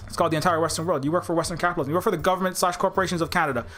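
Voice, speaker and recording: A man's voice: on the high side, steady tone, racing, hardly any pauses, fairly bright tone, soft background music. A man delivering an impassioned political rant, heated and profane, sarcastic, with frequent restarts and repeated words. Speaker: game developer talking on his channel.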